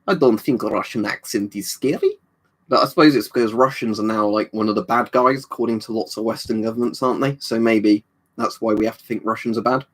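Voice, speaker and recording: A man's voice: lowish voice, brisk, slightly rough. A man chatting casually on a live stream, reading out chat messages, swearing freely and rambling with fillers.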